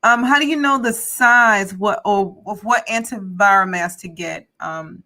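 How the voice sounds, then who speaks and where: A woman's voice: medium pitch, a little slow, sharp tone. A woman hosting a live-stream interview, effusive, repeating her phrases with many fillers. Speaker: host.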